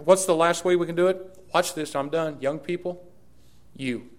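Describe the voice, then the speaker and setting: Animated pastor preaching. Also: male voice, on the high side, moderate pace. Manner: animated storytelling with emphatic repetition. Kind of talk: sermon.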